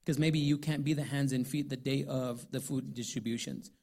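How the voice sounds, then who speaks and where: A pastor giving lively, upbeat church announcements and hyping the congregation. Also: male voice, mid-range voice, normal speed, vocal fry.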